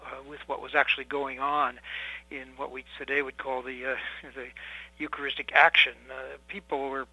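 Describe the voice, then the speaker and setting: Bright-voiced older priest, hesitant and thoughtful. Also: male voice, medium pitch, level tone, husky, rough recording. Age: 70s. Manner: measured and thoughtful, with frequent hesitations and fillers. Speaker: priest, interview guest. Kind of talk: reflective interview answers.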